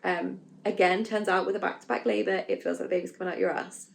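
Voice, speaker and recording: This English vlogger is young, with a fairly low, steady, creaky voice and a quick pace. In a candid storytelling video she recounts her own experience casually and openly, full of fillers, asides and acted-out panicked quotes of herself.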